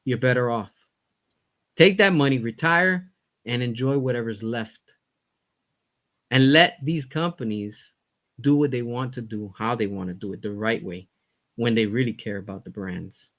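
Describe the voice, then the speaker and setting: A man's voice: mid-range voice, moderate pace, pauses often, fairly bright tone. A man hosting his own commentary stream, ranting in a heated, blunt way. He swears, repeats himself for emphasis and sounds fed up. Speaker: commentary host. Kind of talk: heated opinion rant.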